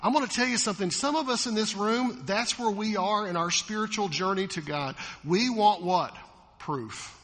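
A man's voice: high-pitched, normal speed, big-room sound. A man preaching a sermon to his congregation in a church, questioning them and acting out voices. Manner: animated, acts out quoted voices, asks the congregation questions. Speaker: pastor. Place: church sanctuary.

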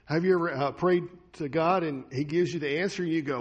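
A male pastor delivering a sermon, his voice pitched high for a man. The tone is husky and a little rough. He swings between forceful, loud passages and quiet, hushed lines. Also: brisk.

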